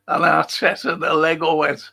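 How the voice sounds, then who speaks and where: A man's voice: fairly high pitch, creaky, sharp tone. A middle-aged man hosting a casual live stream, reading out viewer comments, answering them and swearing now and then.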